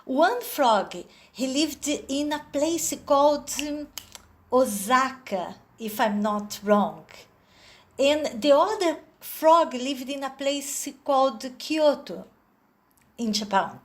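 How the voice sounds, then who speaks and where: A woman's voice: high voice, lively intonation. A woman with a Brazilian accent telling a story over a video call, hesitant and full of little fillers. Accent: Brazilian Portuguese. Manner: slow, hesitant, with many fillers.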